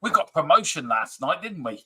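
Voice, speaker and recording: A man's voice: on the high side, big pitch swings, normal speed, sharp tone, breathy edge. A man co-hosting a casual fan live stream, reading viewer comments aloud and laughing often. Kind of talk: casual chat.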